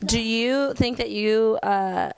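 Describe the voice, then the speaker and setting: A woman's voice: fairly high pitch, slow, gravelly, noisy background. A young adult woman interviewing a small child in a teasing, patient way, laughing often. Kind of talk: playful casual chat with a child.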